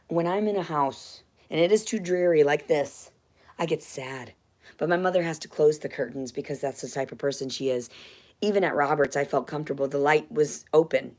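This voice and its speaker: A woman ranting angrily on a livestream in a dim house, swearing and agitated, with sudden loud outbursts into a phone. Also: low voice. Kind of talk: angry livestream rant.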